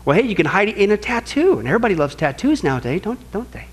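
A man's voice: sits high, big pitch swings, rapid-fire, husky. A man teaching a sermon-style Bible study, speaking emphatically, calling listeners "folks" and piling up repeated phrases and rhetorical questions.

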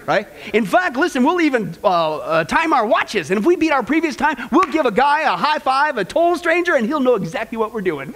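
A middle-aged man preaching a sermon on marriage, energetic and jokey, who keeps checking in with the crowd. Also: very high-pitched. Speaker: pastor.

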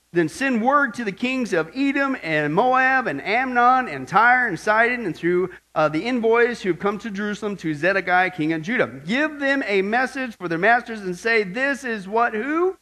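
High-voiced guy preaching, jokey, keeps asking the crowd questions. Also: moderate pace. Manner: animated preaching, jokes and rhetorical questions. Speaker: pastor. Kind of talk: sermon.

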